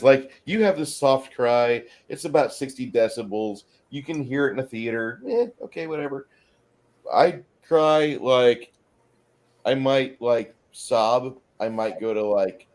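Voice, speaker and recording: A man hosting a casual movie chat online, joking and bantering with his viewers. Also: medium pitch. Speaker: host.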